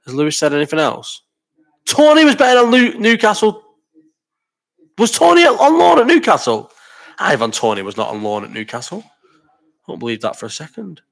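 Bright-voiced sweary man, sick. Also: fairly high pitch. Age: 30s. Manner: sweary, rambling banter. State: sick with a cough. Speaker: live chat host. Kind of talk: casual live-stream chat reading comments. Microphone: desk microphone.

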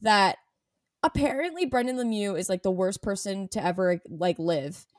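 Woman co-host, casual sports chat, animated, dry close mic, mid pitch. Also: normal speed, dry recording. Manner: animated, reads quotes aloud with sarcasm. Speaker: podcast co-host.

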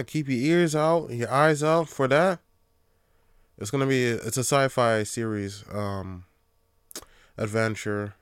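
A man's voice: lowish voice, no room sound, studio quality. A man hosting a podcast on his own, ranting in a casual, profane, rambling way that often turns heated. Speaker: podcast host. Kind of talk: casual solo podcast rant.

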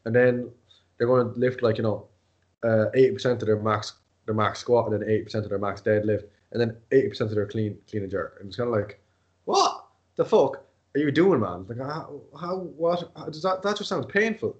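A man's voice: mid-range voice, brisk, a little mellow, dull audio. A man in casual podcast chat, telling stories animatedly and acting out quoted dialogue.

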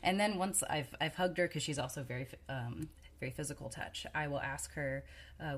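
Young mom, low husky voice, chatty, lots of ums and likes. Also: female voice, moderate pace. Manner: chatty, hedging, many fillers and laughs. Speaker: podcast co-host. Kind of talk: casual parenting chat.

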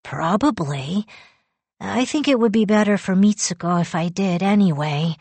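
A woman voicing a quiet, serious young boy who believes he is an alien, speaking in a calm, earnest, matter-of-fact way. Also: medium pitch, moderate pace, no echo. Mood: gentle, resigned.

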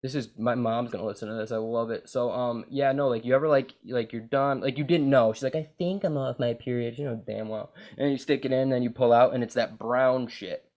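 A man's voice: medium pitch, steady tone, brisk, hardly any pauses, a little mellow. Rambling, profane young man. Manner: rambling, profane, says "like" and "bro" constantly. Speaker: podcast host. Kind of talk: crude casual chat.

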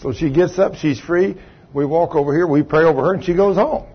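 Pastor, man, husky higher voice, storytelling sermon with big swings in loudness, muffled sound. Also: fairly quick. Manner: swings from low quiet telling to loud raised retelling. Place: church sanctuary.

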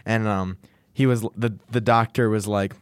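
A man's voice: lowish voice, fairly even intonation, moderate pace, clear, resonant tone, no room sound. Young man telling rambling stories. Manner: rambling storytelling with restarts. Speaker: podcast co-host. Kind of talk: casual chat.

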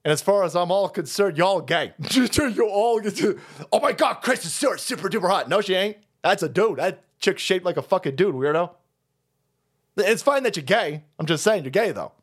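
A man ranting on a stream in a high voice that swoops wildly up and down. He swears constantly, laughs at his own jokes and mocks people by mimicking them. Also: animated, moderate pace. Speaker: streamer host. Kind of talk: profane ranting commentary stream.

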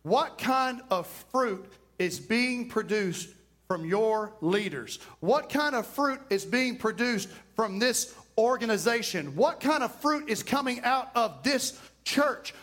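A man preaching a sermon as pastor, animated, swinging between fast and slow delivery. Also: very high-pitched. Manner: animated preaching, varies pace widely.

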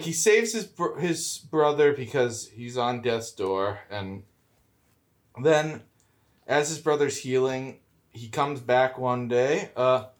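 Man chatting loosely on a podcast. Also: medium pitch. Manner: relaxed, rambling, many "like" fillers. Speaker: podcast co-host. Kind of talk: casual chat.

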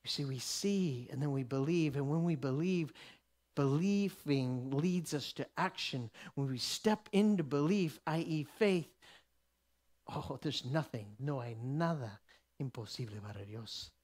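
A man delivers a sermon in a fairly high, unhurried voice, acting out the characters in the story. He swings between loud declarations and hushed whispers.

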